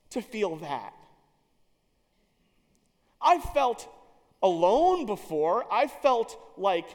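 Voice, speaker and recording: High-voiced preacher in an echoing hall. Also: male voice. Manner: dramatic storytelling, swings between loud and hushed. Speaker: pastor. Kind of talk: sermon. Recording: long reverb of a large hall.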